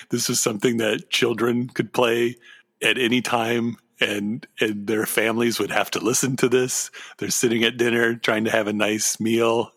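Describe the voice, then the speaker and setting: A man's voice: medium pitch, fairly bright tone, slightly rough. A man co-hosting a casual comedy chat, joking, riffing and laughing often. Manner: joking, laughs often, riffs on absurd ideas. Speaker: podcast co-host.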